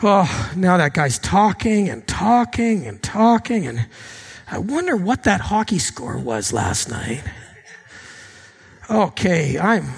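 A man acting out a sleepy, reluctant male churchgoer, grumbling in a low, weary voice. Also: vocal fry, husky, big-room sound, exaggerated voice.

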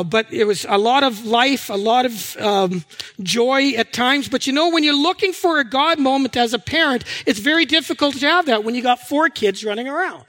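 A middle-aged man preaching from the pulpit with a strikingly high, bright voice. He tells stories from his own life and slips into the voices of the people in them. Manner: storytelling, acts out anecdotes with voices. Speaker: pastor. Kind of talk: sermon.

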